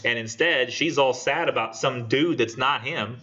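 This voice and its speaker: A man teaching a college literature class in a casual, animated way, acting out quoted lines. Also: mid-range voice, moderate pace, a little hiss or hum. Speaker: college English instructor. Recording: dull lo-fi classroom recording.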